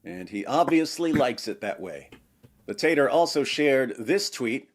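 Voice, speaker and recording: A man's voice: medium pitch, very animated, unhurried. A man narrating a scripted commentary video in a wry, ironic tone.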